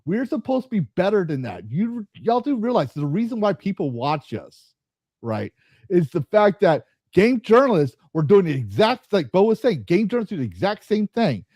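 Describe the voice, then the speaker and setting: A man's voice: high voice, big pitch swings, moderate pace, darkish tone, no room sound. A man hosting a gaming podcast, ranting angrily and swearing, with frequent repeats and restarts. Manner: angry, swearing, repeating himself. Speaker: podcast host and streamer. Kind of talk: heated podcast rant.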